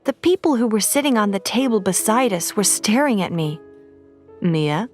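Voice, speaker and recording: Clear, steady woman reading a story. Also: a little high, a little fast, soft background music. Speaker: audiobook reader. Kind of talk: graded-reader story narration.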